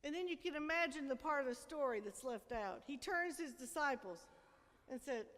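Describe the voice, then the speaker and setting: A woman minister with a high voice preaches in a church sanctuary. Her delivery moves between emphatic, rising appeals and soft, close asides. A long reverb from the large room trails after each phrase. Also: expressive, moderate pace. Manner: emphatic, conversational preaching with quiet, intimate drops. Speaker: senior minister. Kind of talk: sermon.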